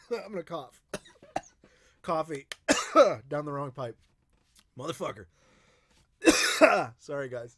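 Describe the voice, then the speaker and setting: A man's voice: on the high side, fairly bright tone. An American man hosting a casual live-stream Q&A, rambling with frequent fillers and profanity. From United States. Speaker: YouTube host answering live chat questions.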